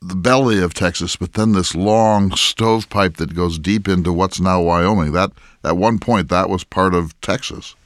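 A man playing an elderly early American ex-president, speaking in character in a measured, inquisitive way with frequent restarts, recorded in a barn. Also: sits low, steady tone, no echo, clean studio sound, close to an everyday voice. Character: early American ex-president, elderly male statesman, curious and scholarly. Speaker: historical interpreter. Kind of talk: in-character public dialogue.

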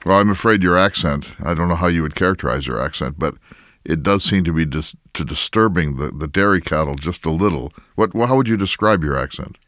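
A man playing a deep-voiced, scholarly early American president. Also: a bit bright, no echo, studio quality. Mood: inquisitive. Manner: measured, inquisitive, many restarts. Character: early American ex-president, elderly male statesman, curious and scholarly. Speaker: historical interpreter. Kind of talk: in-character public dialogue. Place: barn.

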